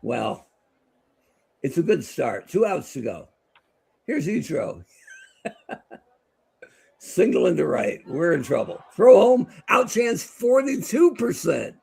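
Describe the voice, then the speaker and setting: A man's voice: a little high, slow, vocal fry, long pauses, breathy edge. A middle-aged man co-hosting a podcast, telling stories in casual chat and calling a game with lots of laughing. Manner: animated storyteller, laughs often. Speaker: podcast co-host.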